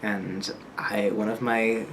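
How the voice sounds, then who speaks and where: A man's voice: on the low side, level tone, slow. A young American man chatting casually in a travel vlog, rambling and laughing often into a handheld camera. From United States. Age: young adult. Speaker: vlogger. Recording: loud background noise.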